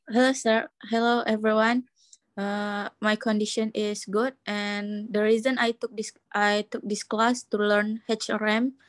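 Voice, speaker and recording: A woman's voice: mid-range voice, level tone, a little slow, no echo. Young Indonesian-accented woman student, polite and hesitant, dry close sound. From West Kalimantan, Indonesia. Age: young adult. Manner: polite, slightly hesitant, says sir often. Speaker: university student. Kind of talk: self-introduction in class.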